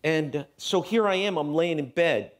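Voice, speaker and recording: A middle-aged man giving a talk at a spiritual center as guest speaker, telling a personal story with animated, self-mocking delivery and acting out voices. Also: fairly high pitch, moderate pace. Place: church hall. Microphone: handheld microphone.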